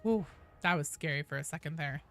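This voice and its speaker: A woman's voice: low voice, brisk, soft background music. A woman chatting casually with viewers and teammates while streaming a game, swearing, cheering and thanking followers.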